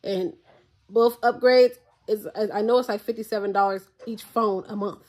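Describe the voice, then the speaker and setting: A woman's voice: mid-range voice, fairly even intonation, moderate pace, a little mellow. Chatty exasperated woman vlogging at home. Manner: chatty and exasperated, addresses viewers as y'all. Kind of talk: casual chat to camera. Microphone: tablet built-in mic.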